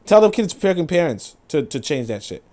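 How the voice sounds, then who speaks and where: A young man hosts a loose commentary stream, his voice leaping up and down with big swings of pitch. He sits a bit higher than most men and talks in an animated, profane way, reading comments aloud as he goes. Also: brisk. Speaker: show host. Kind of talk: casual livestream commentary.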